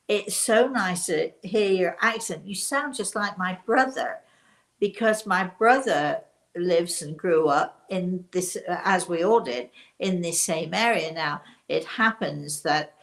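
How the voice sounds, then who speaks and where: A woman's voice: lowish voice, measured pace, gravelly, a bit bright. Chatty English woman telling a story. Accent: softened English, not strongly local. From Leicester, England. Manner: chatty, many restarts and fillers. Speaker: spiritual medium host. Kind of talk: casual storytelling.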